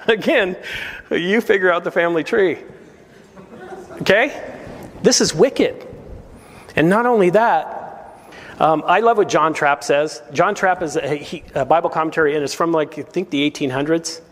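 A man's voice: fairly high pitch, measured pace, long pauses. Earnest male pastor preaching in a hall. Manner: earnest and emphatic, full of rhetorical questions to the congregation. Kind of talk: verse-by-verse sermon.

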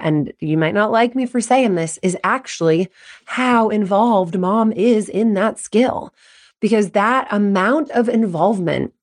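A woman coach talks candidly to parents in a podcast monologue. Her pitch sits mid-range, and her delivery is direct and conversational, full of "okay" and "you know". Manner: direct, chatty, addresses parents. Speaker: mental performance coach.

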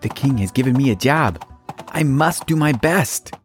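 A man's voice: mid-range voice, lively intonation, normal speed, soft background music, close to an everyday voice. A man voicing a cheerful male royal herald in a homemade kids' Bible story, proclaiming with slangy flair.

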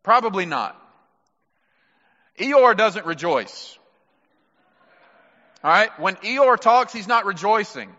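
A man's voice: sits high, animated, takes it slowly, long pauses, bright, forceful tone. A male pastor preaching a sermon, emphatic and repeating key words for stress. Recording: dull lo-fi sound with long hall reverb.

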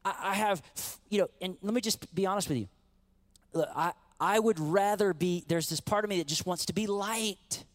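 A middle-aged man delivers a sermon from the pulpit in a slightly high voice. He preaches in an animated, conversational way, slipping into acted-out quotes and calling out to his congregation. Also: normal speed. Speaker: pastor.

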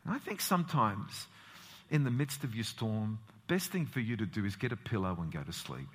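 A man's voice: lowish voice, sing-song, normal speed. A pastor preaching a sermon, asking rhetorical questions and swinging his voice up and down.

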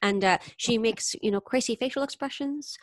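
A woman singer and impressionist, telling stories in an animated, chatty way during an interview. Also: a little high, moderate pace, no echo, clean studio sound. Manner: animated, chatty storyteller who briefly slips into singing impressions. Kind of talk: interview conversation.

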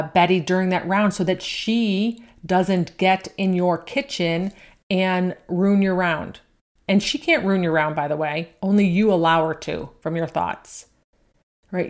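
Woman golf mental coach, kinda low voice, chatty and easygoing, keeps saying right?. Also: a little mellow. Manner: conversational, often ends with "right?". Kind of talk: instructional talk.

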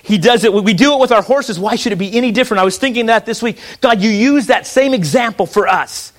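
A man's voice: high voice, fast talker. A man preaching a sermon as pastor, earnest and repetitive, often restarting his phrases.

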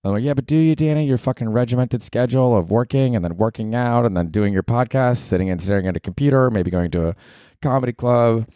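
A man's voice: mid-range voice, fast talker, warm tone, dry recording, clean studio sound. A man in his forties hosting a solo podcast, candid and rambling, swearing freely and talking to himself. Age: 40s. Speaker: podcast host.

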